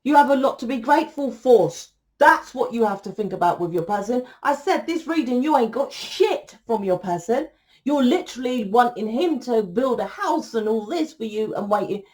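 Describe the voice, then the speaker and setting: A woman's voice: on the high side, lively intonation, normal speed, darkish tone. A woman giving a casual tarot reading, talking bluntly and lecturing the viewer, with plenty of swearing. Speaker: tarot reader.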